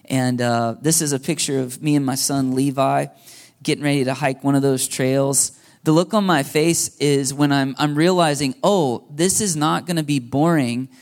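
Pastor in his thirties, male, casual storytelling sermon, chatty, mid-pitched, talks to the room. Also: steady tone, moderate pace. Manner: casual, chatty, asks the audience questions. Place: church hall before a congregation.

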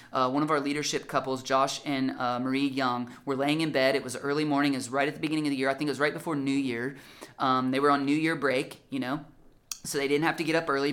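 A man preaching a sermon to his church, impassioned, stretching out key words, then shifting into lively storytelling with acted-out dialogue. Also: mid-range voice. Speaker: pastor.

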